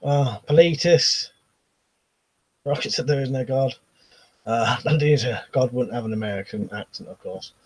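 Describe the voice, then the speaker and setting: A British man hosting a casual live stream, reading out viewer comments and chatting with a laugh, often trailing off into quiet asides. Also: medium pitch, normal speed, pauses often, low-quality recording. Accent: British English. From Britain.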